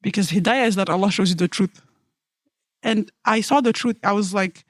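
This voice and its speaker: A woman's voice: medium pitch, normal speed, no room sound. A woman tells her personal story in an earnest, heartfelt way and acts out the lines of dialogue. The recording is dry and close, with no room sound. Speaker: storyteller guest. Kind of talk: personal testimony.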